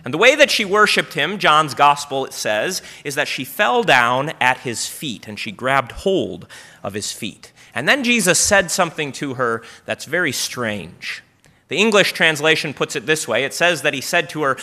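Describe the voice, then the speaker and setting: A man's voice: medium pitch, expressive, moderate pace, pushed and bright. A male pastor preaching a storytelling sermon in church, often asking the congregation questions.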